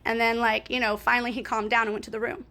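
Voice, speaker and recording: A woman's voice: a little high, little pitch movement, quick pace, pushed and bright. A woman in a casual storytime monologue, rambling and cussing as she talks to her viewers and keeps asking "right?".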